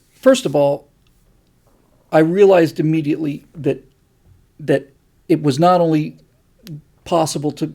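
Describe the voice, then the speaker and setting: A middle-aged man hosts a casual livestream and rambles enthusiastically through viewer comments. His voice is husky and gravelly, with a dark tone. He sits a little higher in pitch than most men. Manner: rambling and enthusiastic, with many fillers. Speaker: host.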